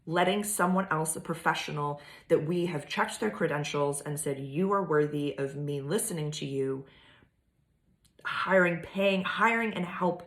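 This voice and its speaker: A woman's voice: low voice, fairly bright tone. A woman vlogging about astrology in a casual, rambling way, full of fillers and swearing. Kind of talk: casual monologue. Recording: echoey room.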